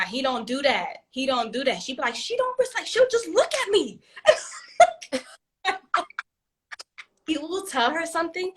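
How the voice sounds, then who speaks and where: A woman co-hosting a casual chat, animated and frank, swearing freely and laughing often. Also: a little high. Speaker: podcast co-host.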